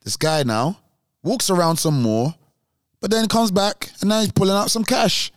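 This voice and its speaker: A man's voice: high-pitched, very animated, normal speed, dry recording, clean studio sound. A young man, telling a story on a casual podcast and acting out other people's voices. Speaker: podcast co-host.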